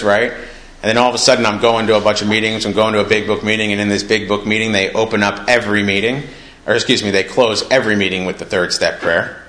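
A man's voice: fairly low pitch, pushed and bright. A man speaking casually at a recovery meeting, telling his personal story and acting out quoted dialogue. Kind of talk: personal testimony. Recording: echoey room with faint noise.

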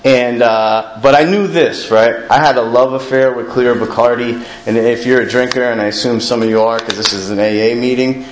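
A man's voice: mid-range voice, fairly even intonation, normal speed, few pauses, slight background noise. A man speaking candidly to a recovery meeting, telling his own story in a conversational, self-mocking way and often asking the room "right?". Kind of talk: personal recovery story told to a group. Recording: echoey room with faint ambience.

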